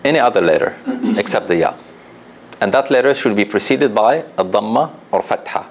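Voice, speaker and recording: Gravelly low-voiced man teaching a class. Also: animated, a little hiss or hum. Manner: patient, repeats examples slowly, asks class questions. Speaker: Quran recitation teacher. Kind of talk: classroom lesson.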